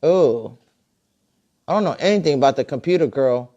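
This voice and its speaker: A middle-aged woman and grandmother hosting a casual live video chat from her computer, talking in a chatty, warm-hearted way with many fillers and restarts. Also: rumbling low, animated, normal speed, highs cut off. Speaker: host. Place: home, at a computer. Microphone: computer mic on a live video call.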